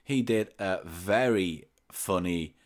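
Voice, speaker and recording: A man's voice: low-pitched, takes it slowly. A man co-hosting a comic podcast, reading facts from a book and teasing his partner with dry asides. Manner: reads aloud from a book, teasing and deadpan asides. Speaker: podcast co-host reading a story.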